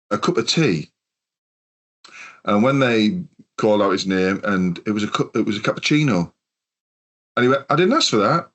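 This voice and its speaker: Rambling, swearing British man. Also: fairly low pitch. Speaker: podcast host. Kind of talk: casual chat.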